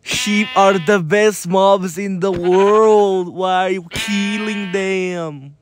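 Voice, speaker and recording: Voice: mid-range voice, steady tone, slow pace, music in the background. A narrator of a comedy video giving repetitive scolding commentary over gameplay, repeating the same warnings over and over.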